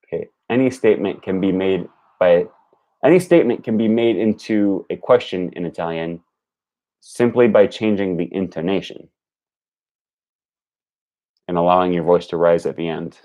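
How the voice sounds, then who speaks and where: A young man on a casual live stream, practicing and repeating phrases out loud while chatting with viewers and correcting himself. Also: deep voice, normal speed, long pauses, highs cut off. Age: young adult. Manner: laughs at own jokes, self-correcting. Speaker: language learning streamer.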